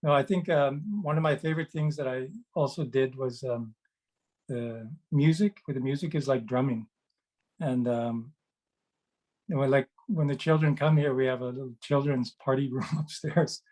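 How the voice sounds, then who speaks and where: A man's voice: mid-range voice, steady tone, moderate pace, a little mellow, poor audio. A middle-aged man on a video call, chatting casually to children and telling rambling anecdotes with lots of fillers and restarts. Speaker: children's book author and meditation host. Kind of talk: casual storytelling chat.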